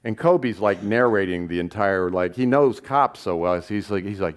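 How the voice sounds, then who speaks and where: A man's voice: on the low side, normal speed. A man, a documentary filmmaker, telling a story to an audience in a rambling, self-correcting way with chuckles between lines. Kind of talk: live spoken storytelling.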